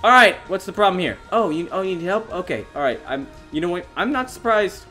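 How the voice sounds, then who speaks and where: A young man giving excitable, self-mocking gameplay commentary as a gaming YouTuber, often laughing at himself. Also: high voice, fairly quick, faint music behind.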